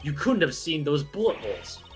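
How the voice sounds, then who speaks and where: A man's voice: fairly high pitch, very animated, normal speed, slightly rough, soft background music, heavily acted. A man voicing an earnest young male defense attorney, pointed and dramatic. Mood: pressing.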